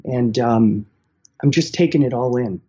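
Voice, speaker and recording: A man's voice: mid-range voice, unhurried, slightly rough, lo-fi sound. Middle-aged new man telling a story. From central New York. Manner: animated, acts out the voices of people in his story. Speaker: guest telling his life story. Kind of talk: casual storytelling to a host.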